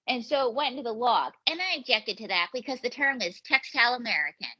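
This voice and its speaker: Bright-voiced woman comic telling stories. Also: on the high side, brisk, husky, dull audio. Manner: rambling, jokey anecdotes. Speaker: comedian and ventriloquist, guest. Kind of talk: comic storytelling in a podcast interview.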